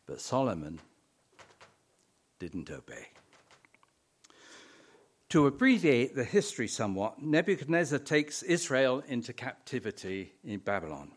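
Slow, lively-voiced man preaching a sermon. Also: mid-range voice. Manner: storytelling with wry humor and emphatic repetition.

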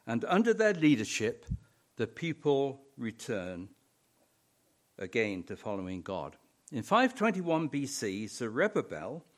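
A middle-aged man preaching a sermon, telling stories with wry humor and repeating words for emphasis. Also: mid-range voice.

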